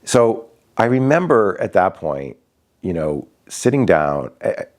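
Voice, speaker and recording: A man casually telling a personal story as a father, halting and restarting often and acting out what others said. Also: low voice, big pitch swings, darkish tone. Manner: halting, many restarts and fillers, acts out quoted voices.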